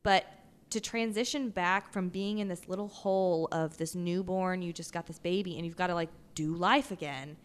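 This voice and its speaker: A woman's voice: fairly low pitch, steady tone, moderate pace, clear, resonant tone. A woman in her thirties, a mother of two, co-hosting a podcast and speaking candidly and expressively. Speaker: podcast co-host. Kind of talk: casual podcast chat.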